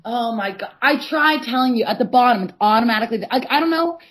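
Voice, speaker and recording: A woman's voice: on the high side, expressive, fast talker, fairly bright tone. A woman co-hosting a podcast, telling an exasperated, sweary story in casual chat and mimicking the other person's replies. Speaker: podcast co-host.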